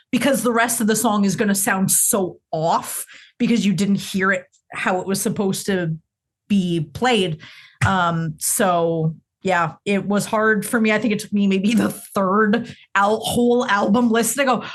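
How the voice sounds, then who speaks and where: A young woman co-hosting a music podcast, talking in a chatty, expressive way. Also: mid-range voice. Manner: chatty and expressive, with frequent fillers. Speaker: podcast co-host. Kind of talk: casual chat.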